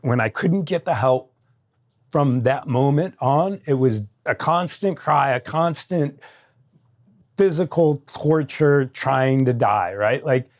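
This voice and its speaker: A man's voice: mid-range voice, slow pace. A middle-aged man from the United States, a guest telling his story in an interview with raw intensity, swearing freely and often adding "right?".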